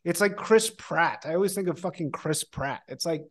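Animated high-voiced man, swearing casually. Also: normal speed. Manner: animated, swears often, lots of "like". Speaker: podcast guest, film analyst. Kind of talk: casual conversational podcast chat.

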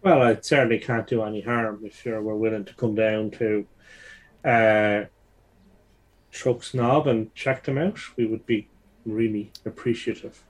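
Slow, hesitant male tabletop player. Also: fairly low pitch, steady tone. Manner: hesitant, polite. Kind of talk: tabletop role-play, in character.

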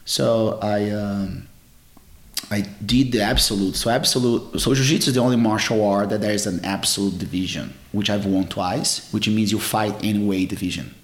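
A man's voice: fairly low pitch, steady tone, moderate pace, reverberant. A middle-aged man telling stories from his martial arts career in a casual interview, rambling with many fillers and restarts. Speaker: jiu-jitsu champion guest.

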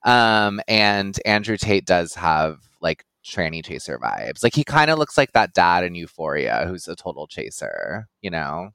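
A man talking in a casual podcast chat, slow and halting with fillers. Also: low-pitched, big pitch swings, vocal fry, a bit bright, clear, resonant tone, dry recording.

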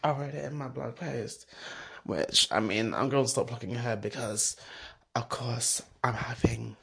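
A woman vlogger telling a rambling story in a blunt, sassy way, swinging between loud outbursts and hushed asides. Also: rumbling low, creaky, a little hiss or hum.

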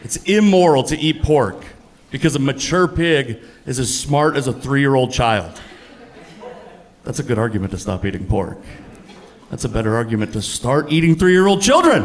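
A man in his thirties performing a stand-up comedy set on a club stage, with a punchy, animated delivery that jumps up on the punchlines. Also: medium pitch, normal speed. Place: comedy club stage before a laughing audience.

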